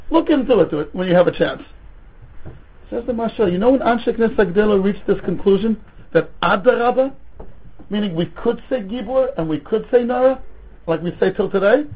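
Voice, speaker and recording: High, husky-voiced man teaching Talmud. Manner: animated, mixes Hebrew and Yiddish terms into English. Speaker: rabbi teaching a Talmud class. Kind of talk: lecture with rhetorical questions and stories. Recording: tinny phone-like recording.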